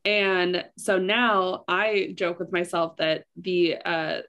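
A woman's voice: fairly low pitch, level tone, slow pace, fairly bright tone. A young adult woman co-hosting a podcast, chatting candidly with lots of "like" fillers. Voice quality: gravelly vocal fry. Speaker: podcast co-host. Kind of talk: casual chat.

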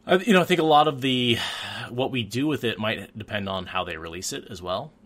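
A man hosting a podcast in casual chat, animated and quick to laugh, often restarting his sentences. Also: mid-range voice. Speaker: podcast host.

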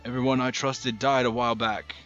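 A man's voice: medium pitch, little pitch movement, a little fast, a bit bright, lo-fi sound, soft background music, close to an everyday voice. A man voicing a game character, a former priest whose put-on accent keeps drifting. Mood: earnest.

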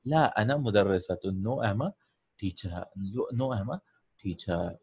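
Male Arabic teacher, fairly low voice, patient step-by-step lesson. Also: animated, normal speed, darkish tone, husky. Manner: patient, explains step by step, asks students questions. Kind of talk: online language lesson.

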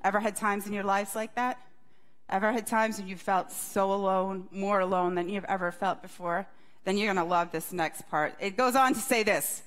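A woman's voice: mid-range voice, steady tone, moderate pace. A woman pastor giving a conversational sermon, often asking the congregation questions. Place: church service.

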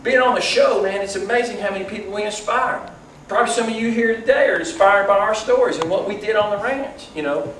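High-voiced man speaking in an echoey hall. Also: fast, distant mic, a little hiss or hum. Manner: lively, joking, leads audience exercise. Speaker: motivational speaker. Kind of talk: motivational talk to an audience. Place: large hall with audience.

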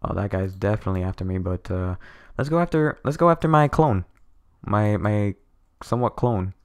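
A young man giving excited gameplay commentary to his viewers as a streamer, stammering and thanking them over and over, with keyboard clicks near his microphone. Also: on the low side, a little fast. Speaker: gaming streamer.

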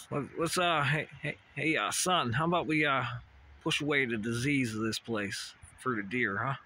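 On a hilltop walking path, a man vlogs into his phone camera, rambling and casually swearing as he talks to animals and trees. His medium-pitched voice is pushed and bright at a normal speed, with slight background noise.

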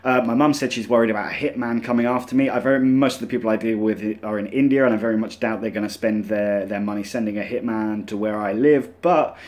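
A man's voice: lowish voice, fairly even intonation, quick pace, few pauses, darkish tone. A man hosting a scam-baiting channel, chatting casually and rambling to his viewers, full of fillers. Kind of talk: casual vlog talk to camera.

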